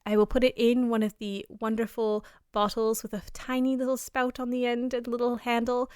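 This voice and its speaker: A woman's voice: on the high side, flat delivery, a little mellow, clear, resonant tone, no room sound, studio quality. A young woman co-hosting a podcast, teasing and playful in casual chat. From Canada. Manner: playful, teasing, quick back-and-forth. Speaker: podcast co-host.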